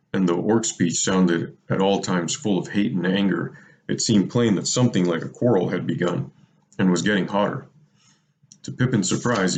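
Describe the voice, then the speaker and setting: A man reading a fantasy novel aloud in a measured, steady way. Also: low-pitched, vocal fry, slight background noise. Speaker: reader. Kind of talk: audiobook narration.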